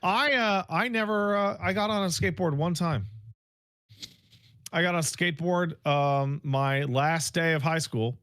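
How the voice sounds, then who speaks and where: A man co-hosting a podcast, trading quick deadpan quips in casual chat. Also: fairly high pitch, clear, resonant tone, dry recording, clean studio sound. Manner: quick reactive banter, deadpan quips, swears. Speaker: podcast co-host.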